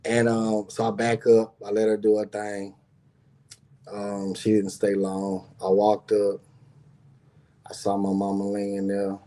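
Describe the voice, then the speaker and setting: A man's voice: lowish voice, completely flat delivery, takes it slowly, dark tone. A man telling a personal story in casual talk, rambling and repeating words, acting out the people he quotes. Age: adult with grown son.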